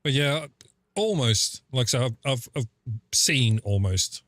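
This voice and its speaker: A man's voice: medium pitch, animated, unhurried, a bit bright, dry recording, studio quality. A man chatting casually on a game stream, telling rambling, sweary stories full of fillers. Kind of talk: casual live-stream chat.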